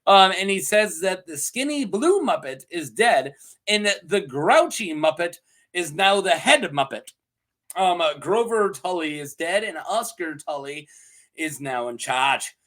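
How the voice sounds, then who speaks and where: Animated, bright-voiced man reviewing a show. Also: high-pitched. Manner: goofy, laughs often, acts out characters in quick funny voices. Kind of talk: casual solo review chat.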